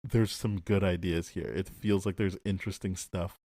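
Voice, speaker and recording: Male podcast co-host, low and dry, lively film chatter with acted-out quotes. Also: moderate pace, no room sound. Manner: animated, acts out quoted lines, chuckles often. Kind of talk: casual film review chat.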